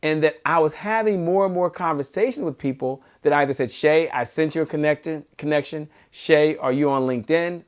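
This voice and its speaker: Brief: male livestream host, energetic sales motivator, slightly high voice, preachy repetition. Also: brisk, few pauses, clear, resonant tone, muffled recording. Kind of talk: live-stream motivational sales talk.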